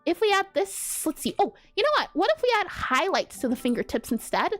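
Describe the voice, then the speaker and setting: A woman's voice: very high voice, very animated, a little fast, fairly bright tone, soft background music. A woman streamer with a slightly nasal, nerdy voice and a scratchy throat, chatting and thinking aloud as she draws. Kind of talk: casual live-stream chat while drawing.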